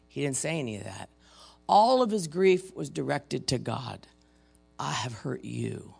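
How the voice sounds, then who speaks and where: Older male preacher, gravelly voice, talks plainly, then swells loud for scripture. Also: medium pitch, expressive, unhurried, soft background music. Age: 50s or older. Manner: conversational preaching, dramatic readings of scripture, swings between loud and soft. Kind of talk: sermon.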